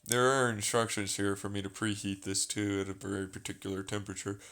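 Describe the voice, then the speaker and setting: A man's voice: on the low side, little pitch movement, brisk, fairly bright tone. A man talking casually and at length, ranting with plenty of swearing and a sarcastic edge. He rambles from point to point, restarting thoughts as he goes.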